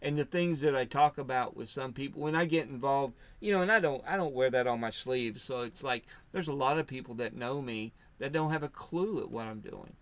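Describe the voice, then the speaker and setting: A man's voice: mid-range voice, fairly quick, few pauses. Rambling man telling a faith story. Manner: rambling, self-interrupting storyteller who acts out quotes loudly. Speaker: podcast co-host. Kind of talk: casual faith discussion.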